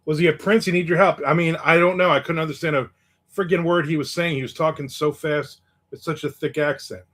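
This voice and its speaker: A man with a slightly higher voice than most men, chatting casually as the host of a live stream. He tells stories with a wry, cynical edge and reads out comments from viewers now and then. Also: steady tone, brisk, a bit bright. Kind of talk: casual livestream chat.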